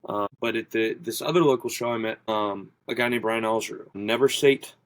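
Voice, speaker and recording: Low-voiced man telling gym stories. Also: fairly even intonation, a little fast, no room sound, rough recording. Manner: rambling, filler-heavy, quotes people in his stories. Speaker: podcast guest, strongman athlete. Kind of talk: casual interview storytelling.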